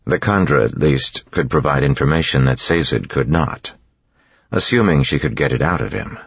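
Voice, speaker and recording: A man reading a novel aloud as an audiobook narrator, in a steady, even way, with a dull, dry studio sound. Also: very deep voice, moderate pace, breathy edge, no echo. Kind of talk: scripted narration.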